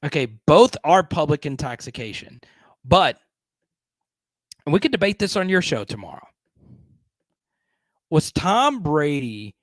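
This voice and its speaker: A man's voice: a little high, no room sound. A man hosting a casual live stream, chatting and reading viewer comments aloud.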